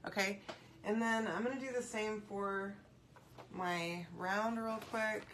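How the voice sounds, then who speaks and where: A woman's voice: medium pitch, steady tone, slow, a bit bright, slight background noise. Chatty woman painting on camera. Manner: chatty, rambling, talks to viewers while painting; answers live comments aloud. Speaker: craft video host. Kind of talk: casual crafting tutorial.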